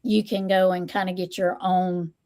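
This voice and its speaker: A woman hosting a casual livestream chat, who repeats her phrases, greets viewers and reads out their comments. She is still a little hoarse. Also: on the low side, level tone, moderate pace, dark tone. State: recovering from hoarseness. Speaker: stream host and tarot reader.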